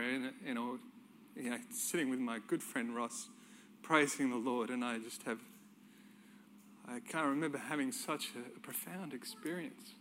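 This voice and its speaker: Bright-voiced man preaching. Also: mid-range voice, a little slow, a little hiss or hum. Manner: storytelling, conversational with chuckles. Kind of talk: sermon with personal testimony.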